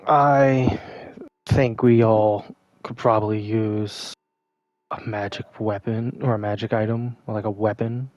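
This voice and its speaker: A man's voice: lowish voice, steady tone, slow, darkish tone, no echo, lo-fi sound. A man playing a tabletop game, speaking casually and a little hesitantly. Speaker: player.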